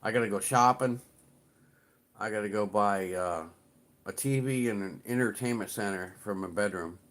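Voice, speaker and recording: A man's voice: lowish voice, moderate pace, fairly bright tone. A middle-aged man chatting casually on his livestream, rambling and swearing a little as he greets viewers. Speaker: livestream host.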